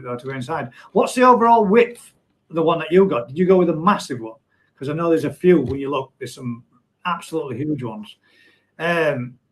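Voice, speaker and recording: A man's voice: on the high side, low-quality recording. A middle-aged man hosting a casual live stream from home, reading viewer comments aloud and laughing often.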